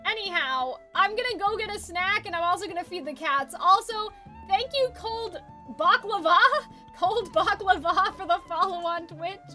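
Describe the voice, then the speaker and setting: High, bright-voiced woman streamer. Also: moderate pace, faint music behind. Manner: casual, sardonic, swears, drops to quiet mutters. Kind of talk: casual gameplay commentary.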